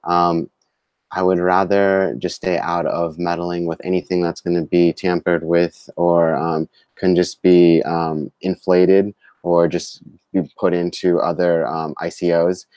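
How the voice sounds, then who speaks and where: A man co-hosting a live-streamed talk show, speaking in a halting way with many fillers and restarts. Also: low voice, level tone, a little mellow, clear, resonant tone, no room sound. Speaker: co-host. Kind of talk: live-streamed casual discussion.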